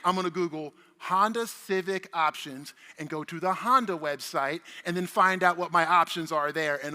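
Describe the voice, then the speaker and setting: Animated, bright-voiced man on a conference stage. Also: high-pitched. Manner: animated, profane, chatty with the audience. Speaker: conference speaker. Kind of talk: energetic keynote talk. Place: large conference hall stage. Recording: long reverb of a large conference hall.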